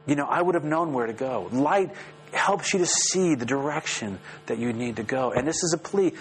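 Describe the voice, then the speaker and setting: A man preaching a sermon as pastor, lively and rising sharply in pitch when he voices the prayers. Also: moderate pace, poor audio. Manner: animated, rises sharply when voicing prayers. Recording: faint mains hum.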